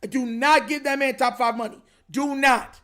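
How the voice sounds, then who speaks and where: A man's voice: extremely high pitch, steady tone, moderate pace, sharp tone. A young man hosting a livestream, ranting in frustration about a football game, slangy and repetitive. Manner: frustrated, repetitive, slangy, says bro constantly. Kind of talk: casual livestream rant.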